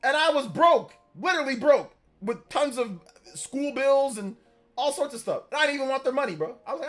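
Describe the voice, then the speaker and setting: A man hosting a live stream, telling stories in a casual, animated and slangy way. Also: very high voice, fairly quick, faint music behind. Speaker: streamer host. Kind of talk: casual livestream chat.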